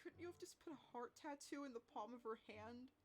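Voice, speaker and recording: A woman's voice: on the high side, animated, brisk. A woman streaming a visual novel, reacting and joking in live commentary.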